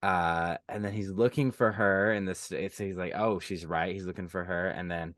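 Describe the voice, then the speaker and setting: Deep-voiced man recapping a film. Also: normal speed, dry recording, clean studio sound. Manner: animated retelling, quoting lines in voices. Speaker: podcast co-host. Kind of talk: casual chat recapping a film.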